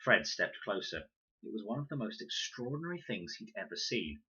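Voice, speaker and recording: A man reading a children's novel aloud in an expressive, animated way. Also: fairly low pitch, normal speed, breathy edge. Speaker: storybook reader. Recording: dull lo-fi recording.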